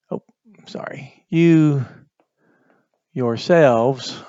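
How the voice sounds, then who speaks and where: A man walks through a Bible Greek lesson at a slow, deliberate pace, stopping often on fillers as he explains. The recording is dry and a little dull, with no room sound around the voice. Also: medium pitch, dark tone, no room sound.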